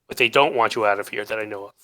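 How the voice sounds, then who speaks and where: A man's voice: on the low side, very fast, bright, forceful tone, no echo, rough recording. A man playing a tabletop game, speaking earnestly and firmly in character. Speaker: player. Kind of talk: casual tabletop game chat.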